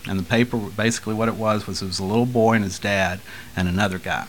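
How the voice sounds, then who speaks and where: Laid-back low-voiced man from Texas. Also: fairly even intonation, fast talker, poor audio. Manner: rambling, laughing storyteller. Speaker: guest musician. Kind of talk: casual interview talk.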